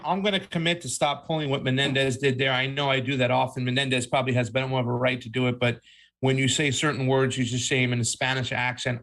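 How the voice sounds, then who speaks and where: Male co-host, bright forceful voice, heated profane commentary. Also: medium pitch, vocal fry. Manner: heated, profane, says "fam" often. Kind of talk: casual political commentary.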